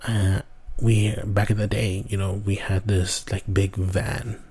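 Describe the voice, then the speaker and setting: Male podcast host, low, dark husky voice, rambling casual storyteller who swears. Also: flat delivery, slow pace. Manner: rambling, swears often, restarts a lot.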